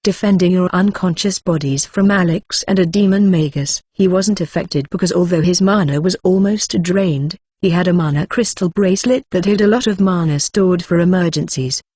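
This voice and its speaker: A text-to-speech reader voicing a devoted young woman companion, read in a flat, even way. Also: mid-range voice, normal speed, few pauses, husky, dry recording, clean studio sound, natural voice. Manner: flat, even delivery with no character voice. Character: devoted young female companion, calm and scheming.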